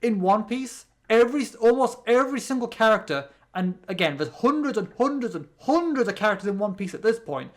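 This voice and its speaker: British let's play host, rambling commentary, stumbles and restarts a lot, middle-pitched voice. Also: expressive, brisk, few pauses. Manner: rambling, with many restarts and fillers. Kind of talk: gameplay commentary.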